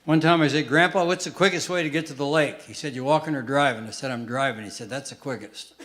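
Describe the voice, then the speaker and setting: A man doing live stand-up comedy in a deadpan one-liner style, on stage before an audience. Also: mid-range voice, quick pace, slight background noise. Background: audience laughter.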